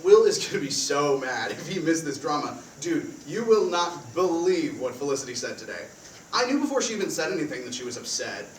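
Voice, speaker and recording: A man's voice: a little high, sing-song, brisk. A young man playing a rambling laid-back roommate. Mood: chatty. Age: young adult. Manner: chatty, laughing often. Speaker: student actor. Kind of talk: live stage reading. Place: theater stage. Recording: echoey theater from far off, noisy.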